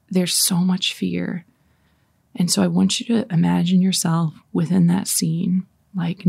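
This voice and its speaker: A woman leading a guided scripture meditation. She reads slowly and softly, sometimes in a whisper, and talks between readings in a casual, chatty way. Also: on the low side, vocal fry, breathy edge, dry recording, clean studio sound. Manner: slow, soft reading with whispered passages. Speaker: prayer leader.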